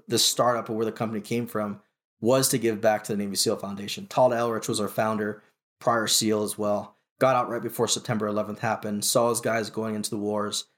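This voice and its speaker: Male military veteran guest, casual interview storytelling, animated retelling, frequent restarts and fillers, mid-pitched voice.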